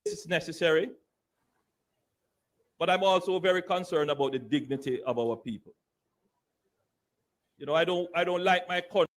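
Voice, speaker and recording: A man speaking in public in a measured, earnest way. His voice sits slightly high, and his delivery stays calm and steady. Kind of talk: public speech.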